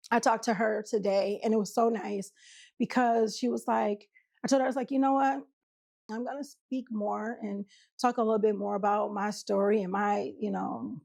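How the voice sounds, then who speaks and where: Woman relationship coach, country twang, higher voice with a gravelly edge, casual talk, acts out quotes. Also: darkish tone. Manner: chatty, laughs often, acts out quotes. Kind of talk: casual monologue to camera.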